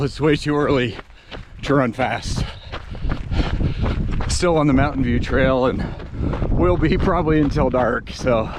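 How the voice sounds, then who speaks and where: An upbeat, chatty man talks to his handheld camera out on a trail in the middle of a long race. His voice sits in a middle register and carries outdoor background noise. He jokes easily about his mishaps. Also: mid-range voice. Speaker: ultramarathon runner filming himself. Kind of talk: casual on-the-trail vlog. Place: outdoors on a desert island trail.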